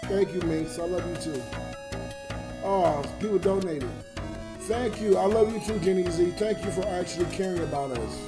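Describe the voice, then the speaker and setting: A man with a voice that sits high talks at normal speed, drunk and emotional, rambling to viewers on a late-night stream and reading donations between rants. The sound is roomy, with background music.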